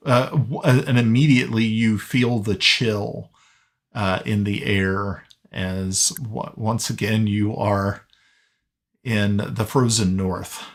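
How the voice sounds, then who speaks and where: Male game master, gravelly, unhurried, halting narration with fillers. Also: on the low side, fairly even intonation. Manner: halting, many fillers and restarts. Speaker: dungeon master.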